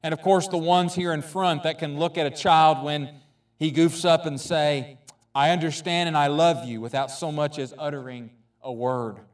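A preacher reading as the Lord, proud and tender. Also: male voice, on the high side, fairly even intonation, normal speed, recorded from a distance, close to an everyday voice. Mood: earnest.

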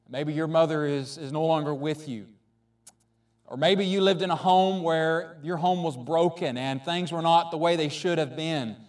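Halting, gentle male pastor. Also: fairly high pitch, recorded from a distance. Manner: halting, gentle, many restarts and repeated words. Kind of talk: sermon.

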